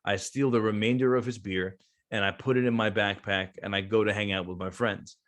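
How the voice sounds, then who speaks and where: A man's voice: lowish voice, fairly even intonation, fairly quick, fairly bright tone. A man around thirty, a veteran business owner, telling a long casual story as a guest, with lots of fillers and restarts. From New Jersey.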